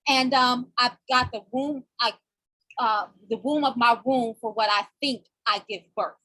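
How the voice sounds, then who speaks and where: Breathy, chatty woman on a call. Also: fairly high pitch, a little slow, pushed and bright, no room sound, rough recording. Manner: chatty, searching aloud. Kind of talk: casual chat on a group call.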